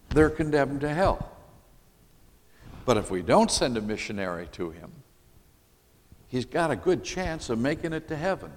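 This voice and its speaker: A man from Michigan, preaching a sermon and putting questions to his congregation. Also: mid-range voice. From Michigan, USA. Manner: emphatic, puts questions to the congregation. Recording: long hall reverb.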